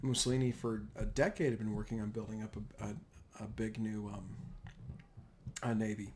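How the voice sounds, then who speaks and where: A man's voice: fairly low pitch, flat delivery, normal speed, darkish tone, slight background noise. A man giving a casual, rambling history lecture over slides, often correcting himself mid-sentence. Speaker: history teacher.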